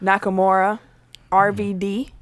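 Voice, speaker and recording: A woman's voice: medium pitch, completely flat delivery, measured pace, crowd noise. A woman hosting a casual podcast chat, playful, laughing often and steering the talk back to her list. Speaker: podcast host. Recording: several voices talking over each other.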